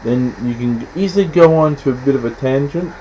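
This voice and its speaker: A man in casual film chat, rambling and halting, often stopping to restart, acting out scenes in quick quoted voices. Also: medium pitch, dark tone, a little hiss or hum, low-quality recording. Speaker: podcast host.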